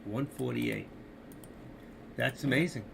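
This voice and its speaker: With a slow, creaky, mid-range voice, an older man runs a casual live stream, voicing strong opinions on markets and speaking directly to his audience. Background noise is present.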